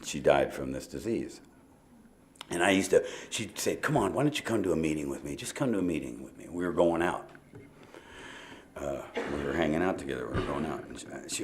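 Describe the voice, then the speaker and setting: A man's voice: a bass voice, brisk, a bit bright, slight background noise. Man telling a recovery story. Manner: conversational storytelling with asides and repeated "you know". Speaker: AA meeting speaker. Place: meeting hall before an audience.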